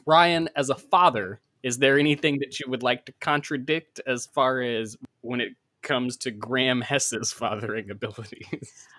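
A man's voice: medium pitch, steady tone, normal speed, bright, forceful tone, dry recording. A man co-hosting a podcast in casual chat, sarcastic and swearing as he argues his points. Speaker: podcast co-host.

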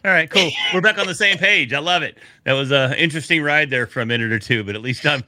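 Man, podcast co-host, casual joking chat, forceful tone, dry recording. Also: fairly high pitch, fast talker, no room sound. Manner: upbeat, joking, easily laughing.

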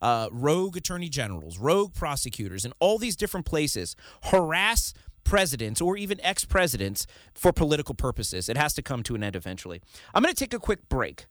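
A man hosting a political talk show, opinionated and animated, often laughing and mimicking the people he criticizes. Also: fairly high pitch, fairly quick, dry recording, studio quality.

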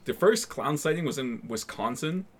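A man co-hosting a casual horror movie podcast, relaxed and recounting facts he looked up, with frequent fillers. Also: on the high side, normal speed. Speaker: podcast co-host presenting research. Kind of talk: casual chat.

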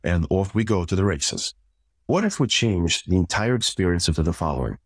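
A man with a notably low voice talks through his method one step at a time, patient and methodical. He is a couples therapist guesting on a podcast. The sound is close and dry, with no room around it. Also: no room sound. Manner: calm, methodical, walks through numbered steps and acts out example exchanges. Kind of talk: explaining in a podcast interview.

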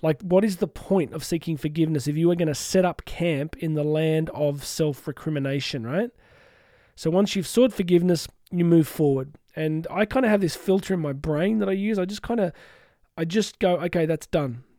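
A man's voice: fairly high pitch, moderate pace, warm tone, no echo, studio quality. A middle-aged man hosting a solo podcast, talking earnestly and reflectively with frequent restarts and asides. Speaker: podcast host and coach.

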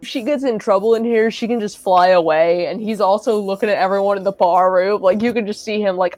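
Female player, middle pitch, dry close sound, joking casual delivery. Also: fairly even intonation, brisk, hardly any pauses, darkish tone, no room sound, poor audio. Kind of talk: casual tabletop play.

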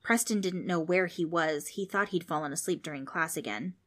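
A woman narrating a children's storybook in an expressive, playful way. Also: fairly low pitch, a little fast.

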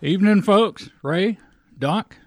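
A man playing a steady, commanding county sheriff in a radio drama. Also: high-pitched, slow, full character voice. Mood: calm. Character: steady middle-aged male county sheriff, firm.

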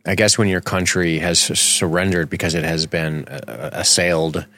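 A man's voice: deep voice, fairly even intonation, moderate pace, a bit bright, no echo. A man co-hosting a film podcast in loose, rambling, profane casual chat. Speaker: podcast co-host.

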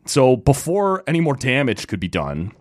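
A man from Canada telling a relaxed anecdote in casual chat, acting out the voices of the people in his story. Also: mid-range voice, normal speed, dry recording, clean studio sound.

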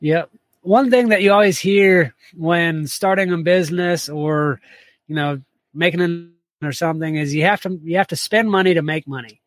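A man's voice: on the high side, moderate pace, dry recording. A man hosting a casual interview, mostly agreeing briefly and asking short questions. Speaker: podcast host.

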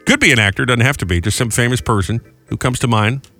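Quick-talking radio host, bright voice. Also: male voice, medium pitch, faint music behind. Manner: joking, quick, animated chatter. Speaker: radio morning show host. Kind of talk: casual morning radio banter. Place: radio studio. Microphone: studio microphone.

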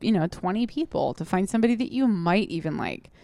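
A woman co-hosting a loose, casual chat. She rambles from point to point with lively energy and drops into quick impressions of people to get laughs. Her voice sits at a middle pitch and is recorded close and dry on a microphone. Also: no echo. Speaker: podcast co-host. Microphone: studio microphone.

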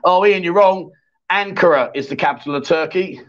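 A man with a notably high voice hosts a loose live chat show, reading viewer messages and teasing his co-host. His banter is cheeky and full of laughter. The stream audio sounds dull and lo-fi. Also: normal speed, fairly bright tone.

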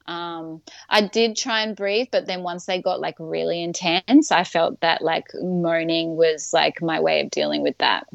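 Gravel-edged woman telling her birth story. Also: low voice, fairly even intonation, unhurried, hardly any pauses, no echo, dull audio. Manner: chatty, many fillers, laughs often. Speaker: guest.

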